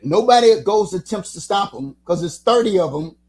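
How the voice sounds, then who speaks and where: Older man in his 70s, animated storyteller, casual radio guest, fairly high voice. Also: normal speed. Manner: animated storyteller, slips into impressions. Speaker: guest musician.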